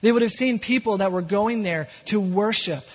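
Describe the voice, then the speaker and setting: A man's voice: sits high, moderate pace, breathy edge. Male pastor, sermon, long hall reverb, muffled lo-fi recording. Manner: storytelling preacher, building to impassioned emphasis. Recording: echoey hall, dull lo-fi sound.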